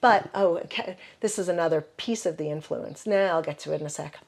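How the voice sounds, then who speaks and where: A woman's voice: on the low side, brisk, gravelly. An older woman herbalist with a Midwestern American accent telling stories casually in an interview, full of "you know" fillers. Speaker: herbalist guest.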